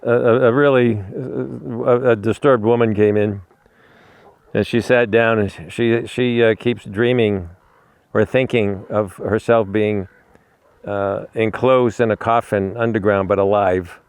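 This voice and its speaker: A man's voice: fairly low pitch, steady tone, unhurried, clear, resonant tone, no echo. A man who rescues animals tells a story in a rambling way, restarting his words, and talks fondly to a dog outdoors. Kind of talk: casual storytelling while feeding a dog.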